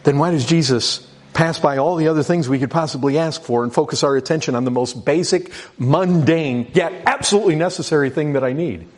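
A middle-aged man gives a sermon in a voice pitched a bit high for a man. He talks it through in a loose, conversational way, often restarting and repeating words. When he reads scripture aloud he presses it with rising urgency. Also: a little fast. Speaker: pastor.

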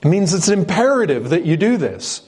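A man's voice: sits high, sing-song, moderate pace, darkish tone, husky. A man preaching an earnest, emphatic sermon, repeating words for stress.

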